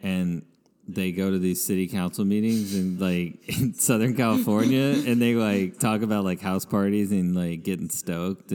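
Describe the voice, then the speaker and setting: A man's voice: low voice, dark tone, smooth, big-room sound. A man hosting a podcast in casual chat, rambling with many fillers. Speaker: podcast host.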